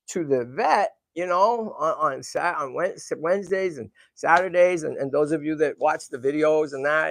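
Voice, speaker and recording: Gravelly-voiced man hosting a live stream. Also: fairly high pitch, no echo. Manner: emotional, talks to viewers and animals, many restarts. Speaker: livestream host. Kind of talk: casual live stream chat.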